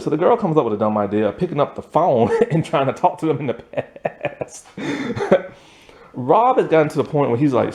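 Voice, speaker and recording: A man casually recapping a TV episode, rambling with fillers and laughing now and then. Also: measured pace. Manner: lively pitch, acts out quotes. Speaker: show reviewer.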